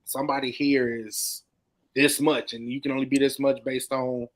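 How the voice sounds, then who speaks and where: A man's voice: medium pitch, flat delivery, normal speed. Laid-back man telling a story. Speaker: podcast co-host. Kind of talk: casual chat.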